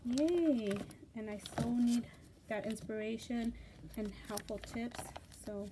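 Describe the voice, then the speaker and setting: A woman hosting a casual craft unboxing vlog, gushing and excitable, with lots of fillers and repeated words. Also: on the high side, unhurried, creaky, background noise. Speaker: craft channel host.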